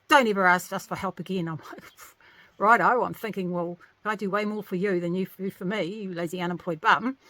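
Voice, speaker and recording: A woman vlogger, a single working mother, telling a story to camera in a casual, exasperated, animated way. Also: mid-range voice, dry recording. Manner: animated, venting, exasperated retelling.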